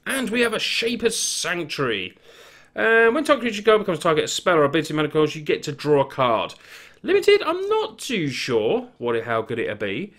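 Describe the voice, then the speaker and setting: Lively, upbeat man hosting an unboxing. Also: a little high, normal speed. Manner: upbeat, reads card names and rules text aloud. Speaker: YouTube card game channel host. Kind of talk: casual unboxing commentary.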